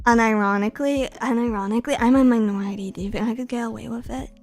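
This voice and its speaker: A woman VTuber streamer from Canada ranting melodramatically, with crude jokes, mock sobbing and shouted outbursts. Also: a little high, steady tone, fast, soft background music. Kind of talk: comedic streaming rant.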